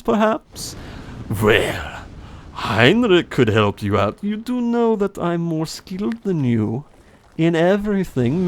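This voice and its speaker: A smug older man with a thick mock German accent needles the player from a raised, lilting pitch. His lines swoop up and down in a teasing sing-song, as a gamer puts him on. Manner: mocking, high, sing-song.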